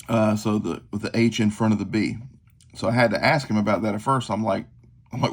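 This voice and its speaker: A man's voice: lowish voice, fast, husky. A man, talking casually and rambling through a show-and-tell of his gear, with lots of fillers and self-deprecating asides. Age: 40s. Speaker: knife collector vlogger. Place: tabletop at home.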